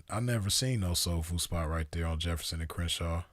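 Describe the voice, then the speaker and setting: Recorded with studio quality and no echo, a man in his forties talks briskly in a low voice. As host of a show, he chats casually with viewers, spinning rambling, slangy stories with easy laughs in a laid-back way.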